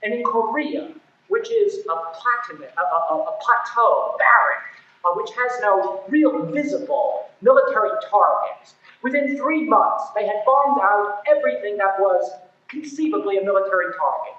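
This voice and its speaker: A man's voice: high voice, animated, normal speed, sharp tone. A man giving a university history lecture, telling the story with emphasis and wry, ironic asides. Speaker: history professor. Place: large lecture hall. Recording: echoey lo-fi 1970s lecture tape.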